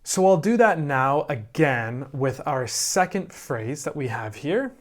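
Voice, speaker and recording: Slow, calm male piano teacher. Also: a little high. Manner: calm, slow explaining with frequent "right?" checks. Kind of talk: piano lesson explanation. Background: piano playing.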